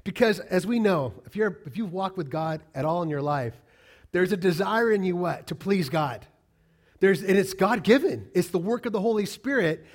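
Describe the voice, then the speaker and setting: A middle-aged pastor preaches with a fairly high voice, pressing his points hard. He repeats key lines for weight and throws questions out to the congregation as he goes. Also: animated, moderate pace. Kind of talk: sermon.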